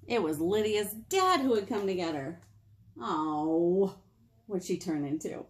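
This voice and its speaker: A woman's voice: lowish voice, a little slow. A woman librarian reading a picture book aloud at storytime, with playful gasps and exclamations for children. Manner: animated, exclamatory, gasping for effect.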